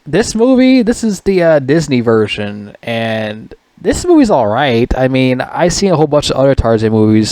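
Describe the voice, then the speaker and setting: A man's voice: mid-range voice, no room sound. A man reviewing a movie in a casual, rambling rant, swearing a lot and getting worked up. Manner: rambling, profane, excitable.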